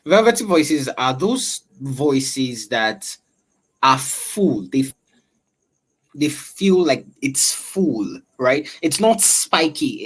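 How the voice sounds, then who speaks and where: Man, voice coach; velvety tone, drawn-out explanatory delivery in an online session. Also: a little high, very animated, a bit bright, breathy edge, low-quality recording. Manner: explanatory, drawn-out, filler-heavy. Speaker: voice-over coach. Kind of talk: online class talk.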